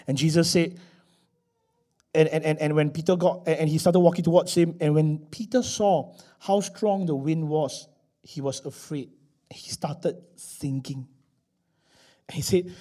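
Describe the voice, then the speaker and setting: A man preaches a sermon from the pulpit. His voice sits high for a man. He swings from loud, stressed declarations down to quiet, hushed asides. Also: moderate pace. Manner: emphatic, rising and dropping between loud declarations and hushed asides. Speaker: pastor.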